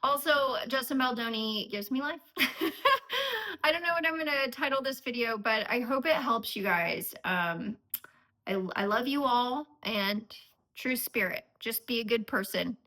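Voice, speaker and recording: Woman vlogger, raised pitch and bright tone; earnest, emotional and rambling, talking straight to camera. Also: moderate pace, low-quality recording. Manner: frequent fillers and restarts. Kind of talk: unscripted personal vlog.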